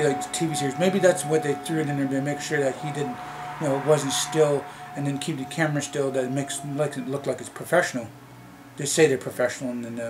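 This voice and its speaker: A man vlogging a rambling, annoyed movie critique to camera, full of fillers and restarts. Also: mid-range voice. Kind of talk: casual movie rant to camera. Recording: music playing clearly behind the voice.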